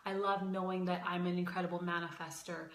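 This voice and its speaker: A woman's voice: lowish voice, level tone, fairly quick, a bit bright, echoey room. A young adult woman teaching as a life coach in a casual livestream, talking emphatically and repeating phrases, a bit out of breath.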